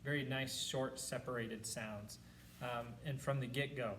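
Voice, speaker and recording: A male band teacher talks students through a clarinet part, breaking into chanted counts and rhythm syllables. His voice sits at an ordinary middle pitch. He is picked up from a little way off the mic, with faint room noise behind. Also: fairly even intonation, measured pace, fairly bright tone, far from the mic, poor audio. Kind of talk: music lesson for students. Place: classroom.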